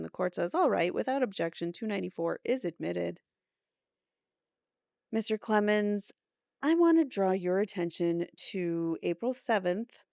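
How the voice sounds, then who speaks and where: A woman's voice: on the low side, creaky, darkish tone, dry recording. A woman hosting a true crime show, reading court transcripts aloud and breaking off for skeptical asides. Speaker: true crime podcast host. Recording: dull lo-fi dry recording.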